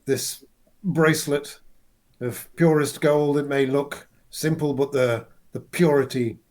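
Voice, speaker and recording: A man voicing a proud, educated Welsh male noble, with a Welsh accent and a halting, boastful way of talking. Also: mid-range voice, steady tone, a little mellow, natural voice.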